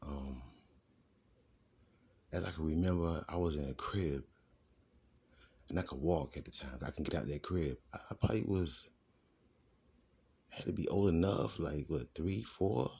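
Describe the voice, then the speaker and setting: A man's voice: a bass voice, unhurried, creaky, long pauses, warm tone, slightly rough. A man telling his life story in a rambling, casual way, drifting off topic and restarting his sentences. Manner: rambling, digressive, restarts often.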